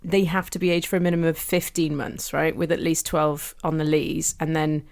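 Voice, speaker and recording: A woman hosting a podcast in casual chat, chatty and quick to laugh and correct herself. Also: sits low, little pitch movement, vocal fry, darkish tone. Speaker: podcast host. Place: podcast studio.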